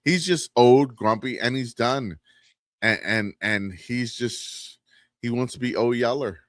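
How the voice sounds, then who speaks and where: A man co-hosting a casual review podcast in a middle-pitched voice. He leans on his points with emphasis and throws in joking asides. The recording is dry and close-miked. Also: slow, no echo. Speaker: podcast co-host.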